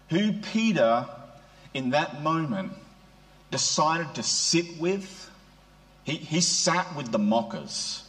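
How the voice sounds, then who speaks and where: A man with a slightly raised pitch delivers a sermon like he's chatting with friends. He is middle-aged, and he keeps asking his congregation rhetorical questions in an easy, talky pulpit manner. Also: animated, slow, fairly bright tone. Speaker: preacher.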